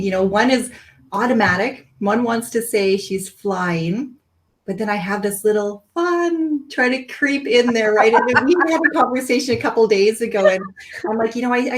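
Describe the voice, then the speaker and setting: A woman's voice: a little high, poor audio. A woman guest on a podcast, speaking in a reflective, musing way and often saying "you know". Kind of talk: casual podcast conversation.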